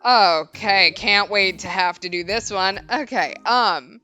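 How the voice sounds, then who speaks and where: A woman's voice: mid-range voice, takes it slowly, bright, forceful tone, clean tone, lo-fi sound, faint music behind. A woman hosting a let's play, chatting and joking casually over a visual novel. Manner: joking, chatty, laughs often. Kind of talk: casual game commentary.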